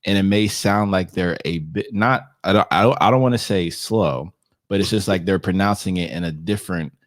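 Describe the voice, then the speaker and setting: Measured male co-host, very low voice, dry close mic, explaining calmly. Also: no room sound. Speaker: podcast co-host. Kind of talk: casual chat.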